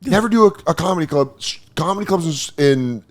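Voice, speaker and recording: A man's voice: a little high, brisk. A man hosting a podcast, chatting casually and acting out voices in his stories. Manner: animated storyteller, acts out quoted voices. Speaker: podcast host. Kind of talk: casual chat. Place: podcast studio.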